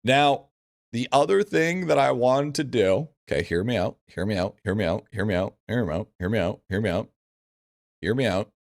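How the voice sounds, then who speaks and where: A man's voice: medium pitch, moderate pace, gravelly, no room sound, studio quality. A man streaming a game live, chatting casually with viewers in a blunt, profane way and repeating his phrases.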